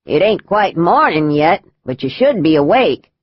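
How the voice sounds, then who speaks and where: A woman voicing a gruff old rural man who drawls in a folksy, rough way. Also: low voice, sing-song, a little slow, dry recording, highs cut off, heavily acted.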